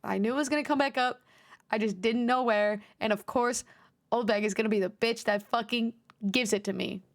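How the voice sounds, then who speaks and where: A woman's voice: on the high side, fairly quick. A young woman streaming a game live, commenting in exasperated, profane, emphatic outbursts.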